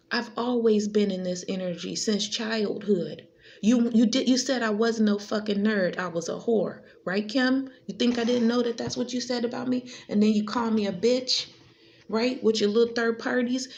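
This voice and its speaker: Gravelly, confrontational woman tarot vlogger. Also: a little mellow, dull audio. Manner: confrontational, repetitive, swings between high and low pitch. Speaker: tarot reader. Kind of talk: direct-to-camera tarot reading.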